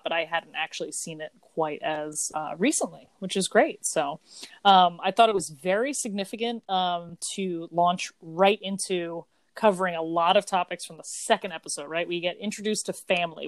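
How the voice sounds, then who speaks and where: A woman's voice: on the low side, dry recording. A woman in her thirties, co-hosting a podcast, chatting at length in a rambling, think-aloud way. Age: 30s. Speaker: podcast co-host. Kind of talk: casual chat.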